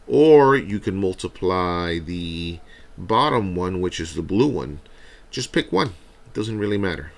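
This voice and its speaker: A man teaching a recorded math review lesson. He talks through each step out loud and often checks in with a quick "right?". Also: sits low.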